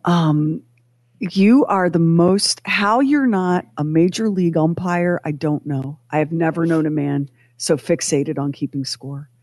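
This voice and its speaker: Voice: medium pitch, a little slow, a little mellow, no room sound. A co-host on a talk show, chatting casually and teasing in a mock-preachy way. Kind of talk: casual chat.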